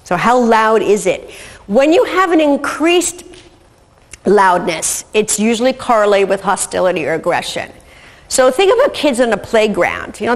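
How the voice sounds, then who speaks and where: A woman's voice: mid-range voice, big-room sound. A woman giving a recorded lecture as an instructor, methodical and often checking in with "okay".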